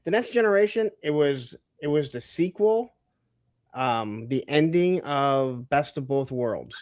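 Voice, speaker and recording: A man's voice: fairly high pitch, expressive, a little slow, darkish tone, no room sound, studio quality. A man co-hosting a casual livestream, teasing the others with wisecracks. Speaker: livestream co-host. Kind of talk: casual chat.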